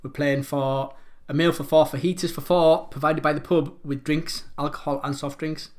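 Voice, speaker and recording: A man's voice: a little high, level tone, moderate pace. A man hosting a pub quiz live from home, chatty and rambling, joking about his own pronunciation as he reads out the questions.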